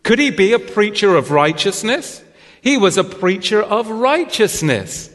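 A man's voice: high-pitched, very animated, a little slow, fairly bright tone. A British man teaching scripture, posing rhetorical questions and then answering them. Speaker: Bible teacher. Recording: long hall reverb.

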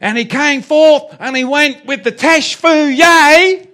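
A man putting on an excitable preaching man with an Arkansas drawl, high and loud, words stretched out. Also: full character voice. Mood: mock preaching. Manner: loud, drawn-out, high-pitched.

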